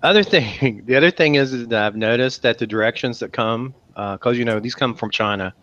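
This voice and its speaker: A man's voice: medium pitch, fairly quick, fairly bright tone, dull audio. A man co-hosting a podcast, chatting casually and breaking in with questions and quips. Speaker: podcast co-host. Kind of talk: casual chat.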